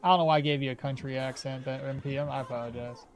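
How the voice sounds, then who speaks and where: A man's voice: mid-range voice, fairly even intonation, rapid-fire, faint music behind. A man streaming a game, chatting with his viewers, thinking aloud and laughing often. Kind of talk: casual live-stream commentary.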